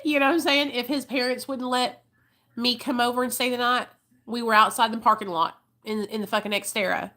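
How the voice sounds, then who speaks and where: Woman, 30s, livestream host; bright, candid, casual storyteller who swears freely. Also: on the high side, steady tone, fairly quick. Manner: chatty, emotional, swears freely, addresses viewers as y'all.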